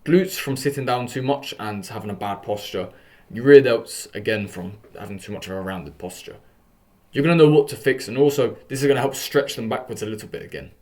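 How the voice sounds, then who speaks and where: A young man hosting a self-improvement vlog, coaching viewers through posture exercises in a casual, energetic way. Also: medium pitch, brisk.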